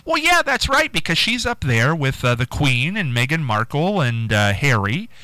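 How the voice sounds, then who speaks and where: A playful male radio host chatting with callers on a morning call-in show. His voice is smooth and resonant, and his pitch moves around freely. The studio sound is dry and close. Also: very animated, normal speed, bright, forceful tone, dry recording.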